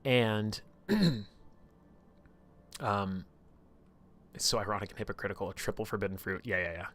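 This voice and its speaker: A man casually retelling a tabletop campaign on a live stream, rambling and animated, with lots of filler and swearing. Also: lowish voice, normal speed.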